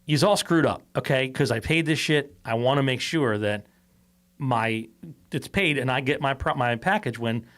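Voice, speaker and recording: A man's voice: mid-range voice, moderate pace. A man co-hosting a podcast, telling a story in casual chat, swearing freely, laughing along and acting out the people he quotes. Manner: animated, acts out quoted voices. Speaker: podcast co-host.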